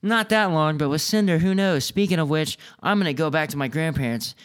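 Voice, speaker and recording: A man's voice: a little high, fairly quick, a bit bright, smooth, lightly acted. A man reading aloud and voicing a defensive teenage boy who answers back. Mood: indignant. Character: teenage boy Dylan, defensive and quick to retort.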